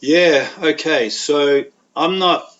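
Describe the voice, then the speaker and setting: A man's voice: on the high side, slow pace, fairly bright tone. An Australian man speaking as a podcast guest, telling frank, plain-spoken anecdotes in a candid, conversational way. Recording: dull lo-fi audio.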